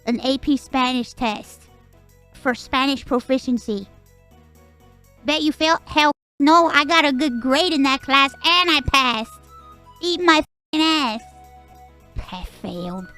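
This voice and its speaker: A woman with a Puerto Rican accent chats loosely on her stream, her high voice bouncing through run-on stories. She swears freely and laughs often. Soft music plays faintly underneath. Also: animated, slow, long pauses. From Puerto Rico. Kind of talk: casual chat.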